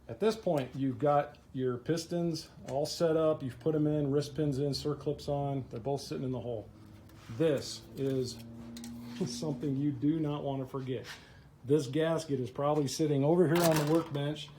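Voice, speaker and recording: A man's voice: on the high side, moderate pace, background noise. Plain-spoken man explaining engine repair. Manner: plain, practical, instructive. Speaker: mechanic. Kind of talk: how-to repair walkthrough.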